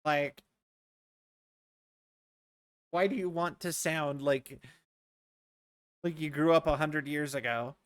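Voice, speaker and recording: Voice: medium pitch, unhurried, dry recording, studio quality. A streamer from the rural United States chatting casually and rambling while playing a game, full of "like"s and restarts. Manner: rambling, many "like"s and restarts, amused.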